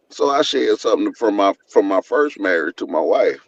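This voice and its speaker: Low-voiced man speaking frankly on dull audio. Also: animated, no echo. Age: adult in his second marriage. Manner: frank, slow, reflective. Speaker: guest on a live talk. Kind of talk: casual chat.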